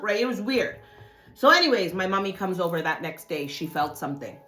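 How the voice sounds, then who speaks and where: A woman telling a personal story to her viewers in casual talk, swearing often and swinging from low muttering to loud outbursts. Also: lively intonation, fairly quick.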